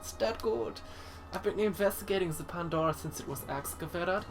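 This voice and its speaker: A man voicing a flamboyant, excitable male scientist with a put-on German accent. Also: normal speed, soft background music. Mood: preening. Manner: high, theatrical and preening.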